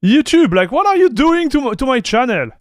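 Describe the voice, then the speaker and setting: A man, livestreaming and reacting to a video in excitable, slangy chat. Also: very high voice, a little fast, dry recording, clean studio sound. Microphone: streaming desk mic.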